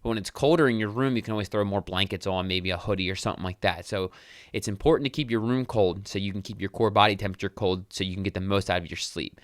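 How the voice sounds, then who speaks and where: A man's voice: lowish voice, quick pace, no room sound, clean studio sound. A young man hosting a casual solo podcast, rambling and correcting himself, swearing now and then. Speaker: podcast host.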